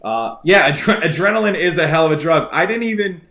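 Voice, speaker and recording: A man's voice: fairly high pitch, lively intonation, brisk, a bit bright. A man hosting a live-streamed trivia game show who tells stories in a rambling, chatty way with many fillers and restarts. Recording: echoey room with faint music.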